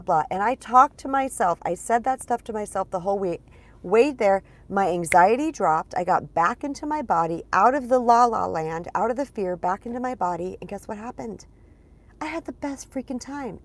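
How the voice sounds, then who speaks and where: A middle-aged woman, a spiritual empowerment coach, teaching chattily on a live stream while congested. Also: medium pitch. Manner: chatty, addresses viewers as "you guys".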